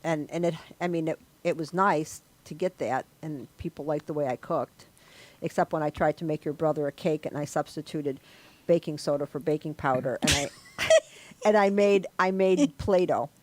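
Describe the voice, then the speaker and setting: Middle-aged woman host, lowish voice, rambling and self-mocking, video call chat. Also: normal speed, a little hiss or hum. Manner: rambling, laughing, self-deprecating. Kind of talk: casual group chat.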